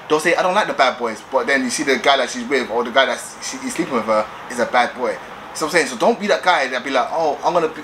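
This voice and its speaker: Brash young vlogger, mid-pitched and insistent, faint background noise. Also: male voice, bright, forceful tone, low-quality recording. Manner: assertive, repetitive, streetwise slang. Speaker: vlogger giving dating advice. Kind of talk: casual advice vlog.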